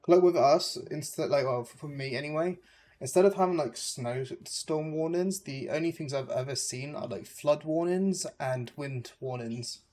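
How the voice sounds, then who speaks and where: A man's voice: a little high, darkish tone. Rambling young English man streaming. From England. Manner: rambling, hesitant, full of likes and uhs. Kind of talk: casual gameplay chat with viewers.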